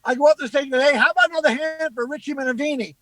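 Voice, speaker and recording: A middle-aged male comedian, telling animated anecdotes and acting out what people said. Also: very high voice, rapid-fire, no room sound, poor audio. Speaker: comedian guest. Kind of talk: casual storytelling.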